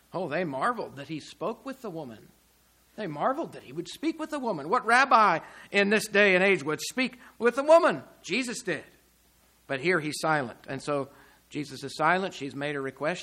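A man preaching a sermon, emphatic, with rhetorical questions and swings between loud and quiet. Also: fairly high pitch. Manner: emphatic, rising and falling loudness, rhetorical questions.

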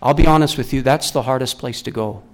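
Speaking fast, this male preacher swings from raised, upward-lilting questions to hushed, low emphasis. Self-corrections and repeated words come up often in his sermon.

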